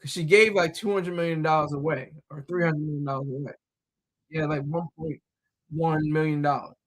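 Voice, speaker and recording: High-voiced man rambling casually. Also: steady tone, a little fast. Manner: rambling, repeats words, many fillers and restarts.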